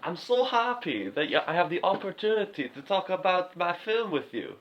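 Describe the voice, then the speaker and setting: A woman's voice: on the low side, sing-song, moderate pace, muffled recording. A woman doing an impression of an eccentric, defensive male filmmaker, speaking in broken grammar with stammers and mocking chicken clucks. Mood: pleased. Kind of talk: comedy sketch impression.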